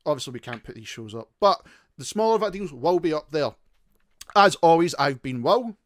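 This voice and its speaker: Lively sweary Scottish host. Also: male voice, fairly high pitch, normal speed. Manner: sweary, laughing, lively banter. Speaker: podcast host. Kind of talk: casual podcast sign-off.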